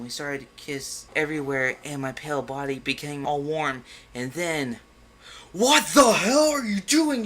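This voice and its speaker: A man's voice: medium pitch, pushed and bright, slight background noise. A man reading a bad fan fiction aloud with mocking, exasperated commentary and sudden outbursts. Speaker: comedic fan fiction reader. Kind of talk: sarcastic dramatic reading with commentary.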